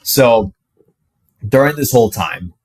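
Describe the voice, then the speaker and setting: A man's voice: mid-range voice, takes it slowly, husky, dry recording, poor audio. Casual young man telling a story. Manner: casual, animated, heavy filler "like", swears. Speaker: dating coach.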